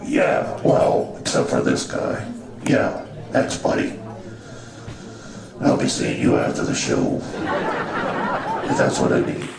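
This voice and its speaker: A man's voice: rumbling low, wildly swooping pitch, takes it slowly, gravelly, long pauses, crowd noise, exaggerated voice. A man doing stand-up as a crude, callous male god who mocks his worshippers. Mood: mocking. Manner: crude, mocking and swaggering. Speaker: stand-up comedian. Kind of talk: stand-up comedy in character. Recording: roomy live venue from far off, audience noise.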